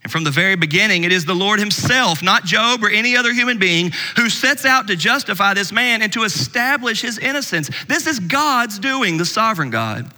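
A man preaching a sermon as pastor, swinging between loud emphasis and hushed asides. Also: high voice, lively intonation, fairly quick, few pauses, in a large hall.

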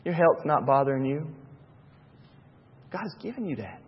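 A man preaching a sermon as pastor, swinging between hushed stretches and loud, excited ones. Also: a little high, measured pace, breathy edge. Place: church sanctuary. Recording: dull reverberant church sound.

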